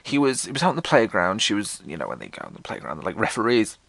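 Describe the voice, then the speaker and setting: A man hosts a podcast of comedic personal storytelling, his voice swinging hugely in pitch at a quick pace, with vocal fry and a fairly bright tone. He's irreverent and self-mocking, swears freely and acts out quotes in jumpy pitch, with no echo.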